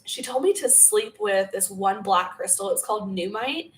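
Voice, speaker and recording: A young woman talks straight to camera, telling a personal story in a loose, rambling way. Her voice sits in an ordinary middle pitch, and her sentences are packed with filler words and casual swearing. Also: normal speed, rough recording. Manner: chatty, many filler words, swears freely. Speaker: spiritual vlogger.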